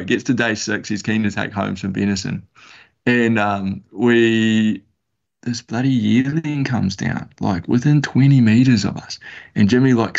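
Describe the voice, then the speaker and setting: Kiwi guy rambling thru a hunting yarn, low gravelly voice, kinda muffled audio. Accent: New Zealand. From New Zealand. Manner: rambling, laid-back, lots of slang and fillers. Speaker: podcast guest, bush hunter. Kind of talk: casual storytelling.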